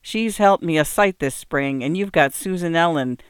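A woman's voice: deep voice, moderate pace, smooth, no echo, studio quality, close to an everyday voice. A woman reading aloud and voicing a kind-hearted, hardworking farmer in old rural dialect, earnest and homely in manner. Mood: gentle. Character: kindly hardworking farmer man, cheerful yet grieving.

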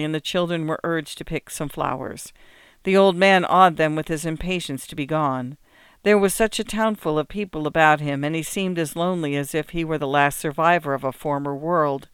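A man narrating an old-fashioned storybook in a gentle, even, unhurried reading voice. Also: on the high side, clear, resonant tone, no echo, studio quality. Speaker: audiobook narrator.

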